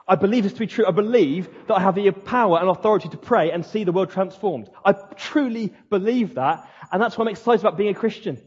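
In a large hall whose long reverb fills the dull, lo-fi recording, a pastor preaches with fiery emphasis. His high, somewhat husky voice has a darkish tone, and he leans on dramatic pauses.

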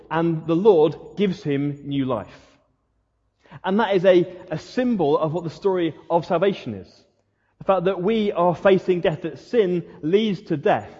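A man's voice: fairly high pitch, mellow, husky. Male pastor, earnest sermon, repeats his questions; muffled church hall recording. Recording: muffled sound with long hall reverb.

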